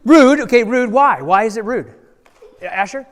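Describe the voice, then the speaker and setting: A male pastor telling a Bible story to children in a playful, animated way, asking the kids questions and acting out voices. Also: extremely high pitch, a little slow. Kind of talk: lively children's sermon with audience participation. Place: large church hall. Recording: long church hall reverb.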